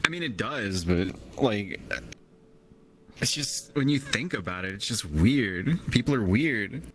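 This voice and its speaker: Brief: deep-voiced male guest, relaxed and chuckling, loose rambling answers. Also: measured pace, slight background noise. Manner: laid-back, laughs often, rambling with fillers. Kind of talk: casual livestream interview.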